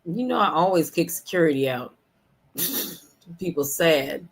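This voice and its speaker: A woman co-hosting a casual chat podcast over a video call, easygoing and quick to laugh. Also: lowish voice, animated, breathy edge. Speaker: podcast co-host.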